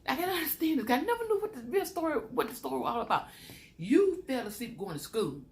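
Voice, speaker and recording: A woman's voice: high-pitched, big pitch swings, fast, a little mellow. A middle-aged woman, hosting a casual chat and laughing as she tells a story. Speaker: channel host.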